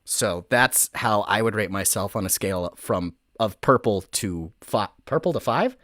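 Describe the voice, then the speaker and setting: A man's voice: lowish voice, measured pace, fairly bright tone, no room sound. A young man hosting a casual advice livestream from a makeshift home studio, joking around and rambling, often correcting himself. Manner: playful, rambling, self-correcting jokey talk. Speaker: host of an advice show.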